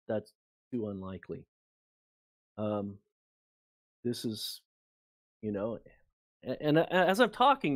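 A man's voice: mid-range voice, dry recording. Man telling a story, close dry mic. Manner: rambling, animated anecdote with many fillers. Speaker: guest author and researcher. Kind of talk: casual storytelling in an interview.

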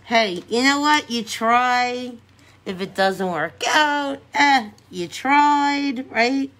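A woman's voice: a little high, slow pace, pushed and bright. A middle-aged woman chatting casually with viewers on a live stream as she does her makeup, giggling and talking to her audience as she goes. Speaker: makeup vlogger.

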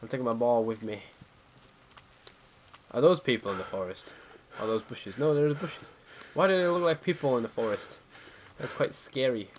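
Man giving excitable gameplay commentary. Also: medium pitch, moderate pace, long pauses, a little hiss or hum. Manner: excitable, easily spooked, swears freely. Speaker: let's play gamer.

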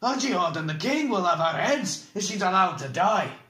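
A man voicing a bold, blunt male dwarf warrior who speaks out forcefully and indignantly. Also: high voice, expressive, moderate pace, reverberant, pitched above the performer's own voice.

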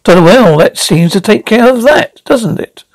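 A man voicing an eccentric, fussy older male time traveller who sounds flustered and jumps up in pitch. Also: lively intonation, normal speed, no room sound, low-quality recording.

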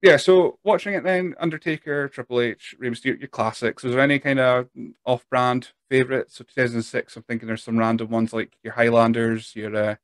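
He's a podcast host in his thirties from northeast Scotland, speaking with a Speyside accent as he rambles self-deprecatingly through a casual interview. His mid-range voice holds a steady tone at a brisk pace, captured in clean studio sound with no room sound.

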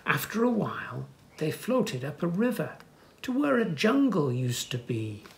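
A man reading a children's picture book aloud, gently pointing things out to young listeners in soft asides and lifting his voice for the animals' lines. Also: fairly high pitch, big pitch swings, unhurried, gravelly. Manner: lifts voice for animal speech without distinct characters. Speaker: children's story reader.

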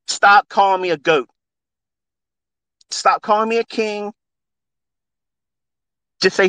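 Talking into a phone to his live audio space, a middle-aged trading mentor speaks in a high, animated voice with a sharp tone. He keeps a measured pace and pauses often, and the recording is dry. His unscripted monologue is heartfelt, passionate, preachy and bluntly profane.

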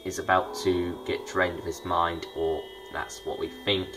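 A man's voice: low-pitched, background noise. A young man giving a casual spoken review, rambling along with lots of fillers and hedges. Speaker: show reviewer. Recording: clear music behind the voice.

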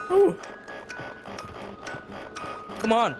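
Young guy playing a horror game, slow mumbly talk then yelps, swears a lot, loud music in the game. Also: medium pitch, expressive. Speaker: gaming youtuber. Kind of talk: casual let's-play commentary.

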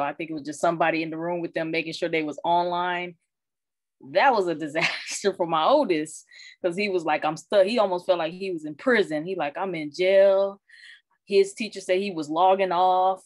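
A woman who is a parent and social worker, talking candidly and colloquially in casual chat, animated when she retells what others said. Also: fairly low pitch, no echo. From Arizona. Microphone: video call.

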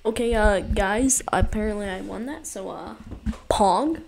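A woman rambling through casual gameplay commentary, full of fillers and quick to get frustrated, recorded on a desk mic in a cold basement room. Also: mid-range voice, vocal fry, darkish tone. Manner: rambling, filler-heavy, self-mocking, easily frustrated. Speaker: gaming commentator. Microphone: new USB desk mic. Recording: roomy echo with noisy background.

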